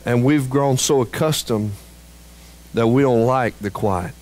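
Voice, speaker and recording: A man preaching a sermon as pastor, slow and emphatic, climbing higher and louder at peaks and dropping low and quiet on key phrases. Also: slight background noise, low-quality recording.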